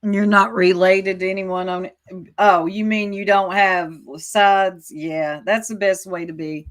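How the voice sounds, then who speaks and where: Southern woman, unhurried livestream host, chatty and reactive, thanking viewers between comments. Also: medium pitch, fairly even intonation. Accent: Southern American. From Southern United States. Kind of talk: casual live-stream commentary.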